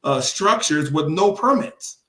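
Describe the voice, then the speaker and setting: A man who is both a commissioner and a city council candidate speaks emphatically in a casual interview, repeating words for emphasis and laughing often. His voice sits on the high side and sounds expressive, bright, and pushed, at a measured pace. The room is echoey.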